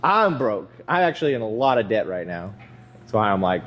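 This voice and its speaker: A man's voice: mid-range voice, big pitch swings, normal speed, fairly bright tone. A young man chatting casually while working out in a gym, rambling and swearing freely with a self-mocking edge. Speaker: vlogger.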